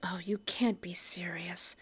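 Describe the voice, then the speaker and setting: A woman's voice: on the low side, steady tone, slow pace, a bit bright, slight background noise. A woman voicing a flirtatious female vampire detective who talks in a blunt, dry, sardonic way. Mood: dry, wry. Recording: background music under the voice.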